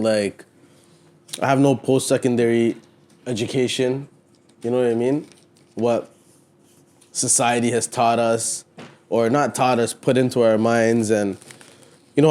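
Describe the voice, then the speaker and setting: A man from Ontario, Canada, chats loosely on a podcast. His voice is mellow and warm. He talks in a relaxed, rambling way and keeps checking in with his co-host. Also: medium pitch. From Canada, Ontario (Mississauga area). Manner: loose and conversational, many "you know what I mean" fillers, laughs easily. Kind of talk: casual chat.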